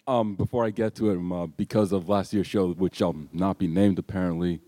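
A man's voice: sits low, fairly even intonation, fairly quick, warm tone, no room sound. A man from the audience speaking nervously, full of ums and uhs. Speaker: audience member.

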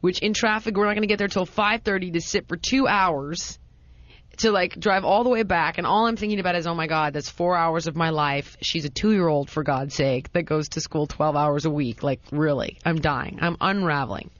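This woman's voice is fairly low, moving at a moderate pace as she rambles through a casual story full of self-mocking drama and restarts. There's no echo, and the sound is dry, dull and lo-fi.

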